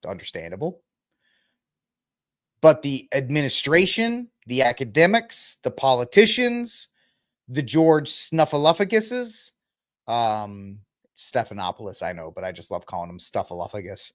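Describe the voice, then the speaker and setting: A man's voice: mid-range voice, animated, moderate pace, no echo, clean studio sound. A man hosting a casual political commentary podcast, rambling and sarcastic as he reads and jokes through the news. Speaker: podcast host.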